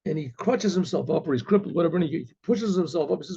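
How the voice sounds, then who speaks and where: A man, a rabbi, telling a story in a halting, repetitive way full of asides. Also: on the high side, vocal fry, mellow, husky, highs cut off. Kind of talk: oral storytelling.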